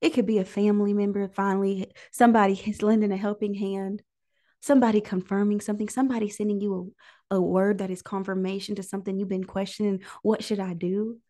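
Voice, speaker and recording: A woman hosting a prayer livestream, preaching in an emotional, near-tearful way and pausing often to listen. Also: medium pitch, level tone, mellow. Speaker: host of a prayer call livestream. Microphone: livestream microphone.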